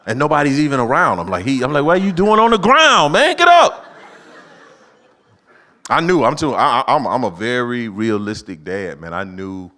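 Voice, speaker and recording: A middle-aged man doing a stand-up set in a church auditorium with a live audience. His voice sits on the low side but swings up sharply when he acts out what he said to his kids. The delivery is animated and full of punchlines. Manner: animated storytelling, acting out his own lines in a higher voice. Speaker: stand-up comedian.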